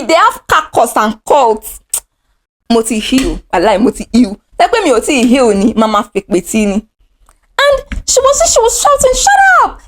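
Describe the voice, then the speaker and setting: A young Nigerian woman telling a personal story in a casual vlog. Her voice sits fairly high and leaps up and down the scale as she acts out the drama. The delivery is animated and expressive. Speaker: vlogger.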